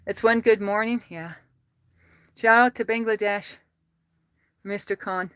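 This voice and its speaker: A woman's voice: medium pitch, steady tone, measured pace, fairly bright tone, clear, resonant tone, no room sound. An American woman livestreaming from home, chatting casually, reading viewer comments aloud and laughing often as she talks to her cats. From United States.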